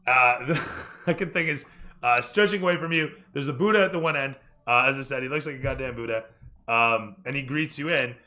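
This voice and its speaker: Bright-voiced hurried male game master. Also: medium pitch. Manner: hurried, self-correcting, casual swearing. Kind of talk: narrating a tabletop game.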